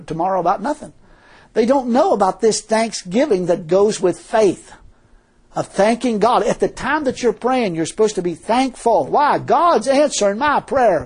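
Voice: medium pitch, a little mellow, husky. A preacher giving a sermon in a folksy, emphatic, colloquial way, full of rhetorical questions.

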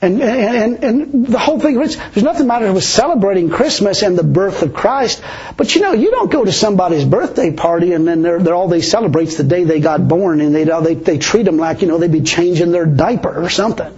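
A man's voice: high-pitched, expressive, brisk, darkish tone. A man preaching a sermon as pastor, chuckling often and repeating words for emphasis. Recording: dull lo-fi recording.

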